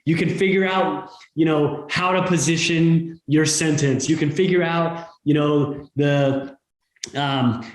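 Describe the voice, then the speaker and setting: A man's voice: a little high, darkish tone, reverberant, low-quality recording. A man speaking as an author and podcast guest, giving emphatic motivational advice and repeating phrases as he coaches. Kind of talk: motivational interview talk.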